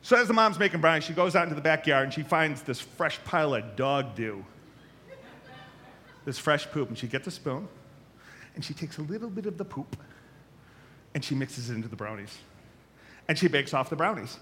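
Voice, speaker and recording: A man preaching a sermon as a pastor, telling stories with lively acted-out voices. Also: on the high side, normal speed, long pauses, slight background noise. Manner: animated storytelling, acts out voices.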